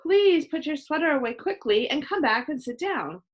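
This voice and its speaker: A woman reading a children's book aloud, voicing a patient teacher who speaks calmly and firmly. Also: high-pitched, moderate pace, pitched above the performer's own voice. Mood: instructing. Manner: calm, firm and instructive. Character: patient kind female teacher.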